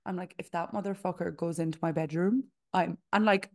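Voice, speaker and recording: A woman's voice: lowish voice, steady tone, brisk, a little mellow. A young woman co-hosting a podcast, telling a story in casual chat with lots of swearing. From Ireland. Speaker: podcast co-host.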